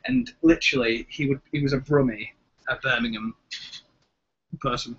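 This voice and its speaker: Through dull, lo-fi webcam audio, a young co-host from Liverpool, England keeps a casual live chat going with jokes and rambling, often trailing off mid-sentence. He speaks at a moderate pace in a medium-pitched, slightly bright voice with a breathy edge.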